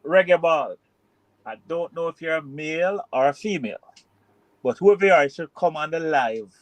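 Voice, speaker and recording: A man's voice: a little high, lively intonation, moderate pace, no room sound, low-quality recording. A man with a Jamaican accent co-hosting a casual live-stream chat, joking in loose banter. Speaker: co-host.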